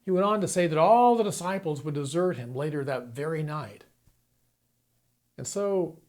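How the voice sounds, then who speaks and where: A man's voice: on the high side, darkish tone. A man preaching a sermon, retelling a story dramatically and acting out the quoted lines. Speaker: pastor.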